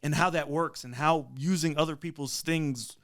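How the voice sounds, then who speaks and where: A man co-hosting a podcast, cutting in to steer a heated debate and explaining his view in a measured way. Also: on the high side, fairly even intonation, fairly bright tone. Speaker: podcast co-host. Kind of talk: debate moderating.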